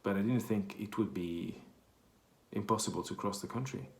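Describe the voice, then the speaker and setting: Wry Portuguese-accented man, gravelly and low. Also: moderate pace, slight background noise. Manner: rambling, self-correcting, wry storyteller. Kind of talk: casual anecdote. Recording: echoey room.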